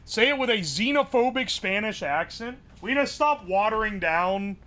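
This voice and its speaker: A man's voice: sits high, expressive, normal speed, bright, forceful tone. A man streaming live, joking with his chat and thinking aloud while he builds something. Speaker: livestreamer. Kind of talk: casual livestream chat.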